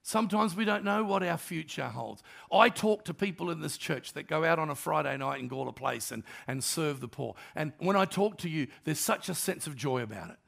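An older man preaching a storytelling sermon, voicing each person in his anecdotes and sinking into hushed moments. His voice sits high and bright. A gravelly edge runs through it. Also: brisk, few pauses. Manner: animated storyteller, acts out dialogue, drops to soft tones. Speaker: pastor.

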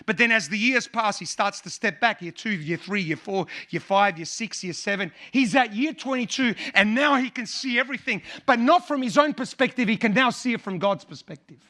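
A man's voice: high-pitched, animated, fairly quick, hardly any pauses, pushed and bright. A male pastor preaching a sermon with impassioned, repetitive emphasis.

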